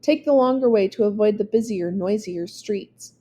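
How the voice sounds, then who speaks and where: A woman reads a verse novel aloud to listeners in a warm, mellow, mid-range voice, with a measured and expressive delivery.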